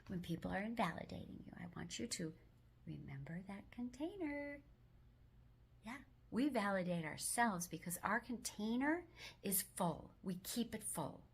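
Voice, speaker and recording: Woman whispering gentle self-help encouragement. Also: fairly low pitch, creaky. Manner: gentle, affirming, mostly whispered with firmer spoken phrases. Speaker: self-help video host.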